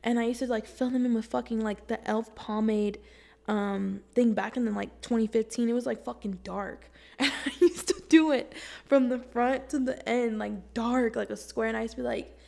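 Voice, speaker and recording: Blunt, slangy young woman with gravelly fry. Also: on the high side, normal speed. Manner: blunt, slangy, profane, animated. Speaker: vlogger. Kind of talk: casual self-help monologue to camera.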